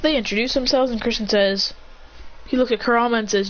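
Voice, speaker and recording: A woman's voice: fairly high pitch, steady tone, quick pace, fairly bright tone, lo-fi sound, slight background noise. A woman casually retelling an imagined story in a rambling way. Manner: rambling, with fillers and restarts.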